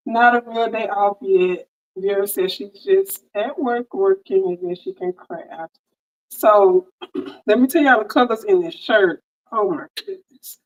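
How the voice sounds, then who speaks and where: On a dull-sounding recording, a woman of medium pitch takes her time as she hosts a relaxed sewing livestream. Friendly and talkative, she welcomes viewers by name through her headset mic.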